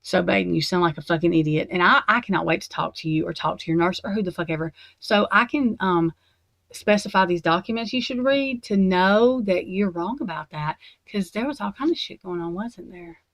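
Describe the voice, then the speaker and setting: Lady cussing up a storm at her desk, lowish voice, real dry sound. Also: a little fast, gravelly, fairly bright tone, dry recording. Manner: angry, profane ranting. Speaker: true crime commentator. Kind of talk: reacting to documents on a livestream. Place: at a desk at home.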